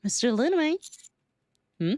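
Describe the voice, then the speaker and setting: A woman voicing a calm, teasing young female student in a game, speaking in a soft, playful way. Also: fairly high pitch, measured pace, voice pushed up.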